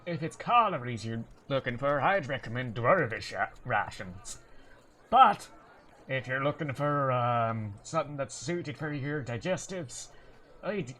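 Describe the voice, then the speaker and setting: A man's voice: mid-range voice, lively intonation, a little slow, fairly bright tone, a little hiss or hum. A man narrating as game master of a streamed tabletop game.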